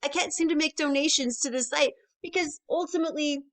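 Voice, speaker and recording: A woman's voice: sits high, brisk. A young woman doing conversational stand-up comedy, chatty with lots of filler words and rising asides to the crowd.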